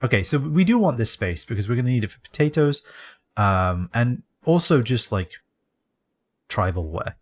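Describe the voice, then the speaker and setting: Lively man rambling over a game. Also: medium pitch, moderate pace. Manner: rambling and jokey, drifting into put-on accents. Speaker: game streamer. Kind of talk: casual let's-play commentary.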